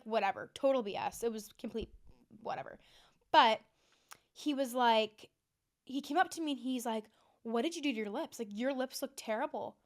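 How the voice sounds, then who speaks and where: Chatty young woman, slightly high voice. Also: smooth. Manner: chatty, animated, lots of "like". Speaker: podcast host. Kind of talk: casual storytelling monologue.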